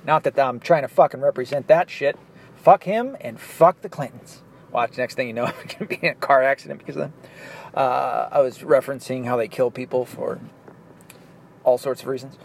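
A man's voice: medium pitch, brisk, vocal fry. A blunt, profane man from the American South, ranting his opinions in a monologue while driving. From Southern US, Arkansas. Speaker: vlogger. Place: inside a car, driving. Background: faint car and street noise.

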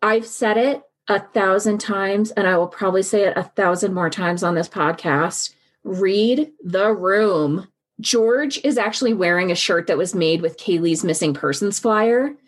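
Outspoken woman telling a crime story. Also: medium pitch. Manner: casual, outspoken, swears, recounts events with quoted voices. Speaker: podcast host. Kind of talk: true crime podcast storytelling.

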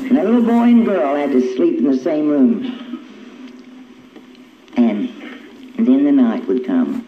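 An older woman telling her own story to an audience, animated and acting out the arguments she remembers. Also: a bass voice, unhurried, pauses often. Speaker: speaker sharing her recovery story. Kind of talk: personal storytelling talk. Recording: echoey, dull, noisy old tape.

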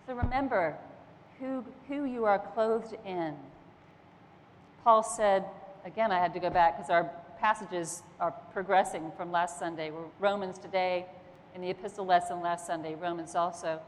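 A woman preaching a sermon in a church, earnest and emphatic, with slow pauses between phrases. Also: lowish voice, a little hiss or hum. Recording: long hall reverb.

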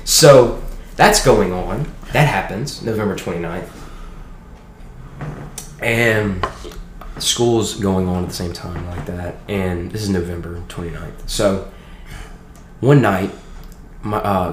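Young male podcast guest, low voice, roomy echo, lively testimony. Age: young adult. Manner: animated, quick storytelling with acted quotes. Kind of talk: personal testimony storytelling. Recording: roomy room echo with faint noise.

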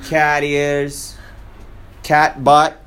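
A man's voice: on the high side, completely flat delivery, very slow, fairly bright tone, a little hiss or hum. A man in playful casual chat, teasing and repeating words for emphasis, breaking into snatches of song.

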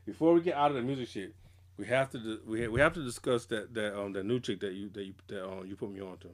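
A man's voice: on the low side, fast. A man co-hosting a hip hop podcast, chatting casually with loose, profane, laughing banter. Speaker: podcast co-host.

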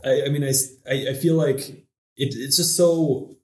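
A man's voice: mid-range voice, unhurried, a little mellow, roomy sound. A man co-hosting a casual podcast chat, wry and reflective, often restarting his sentences. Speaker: podcast co-host.

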